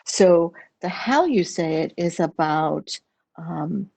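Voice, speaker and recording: A middle-aged woman presenting a webinar as a public speaking trainer, measured and instructive, repeating key phrases. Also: fairly low pitch, lively intonation, creaky, warm tone, slightly rough. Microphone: video call.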